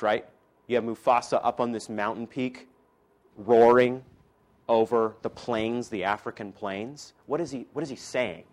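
A man preaching at a middle pitch, who rises to loud, emphatic declarations and then drops to soft, hushed asides. He talks to his listeners directly and teases them now and then. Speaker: preacher and teacher. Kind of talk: sermon to a class.

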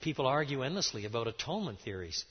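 A middle-aged man preaching a lecture-style sermon, emphatic and animated, with sudden rises and drops in his voice. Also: mid-range voice, fast, slightly rough. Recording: dull sound in a large reverberant hall.

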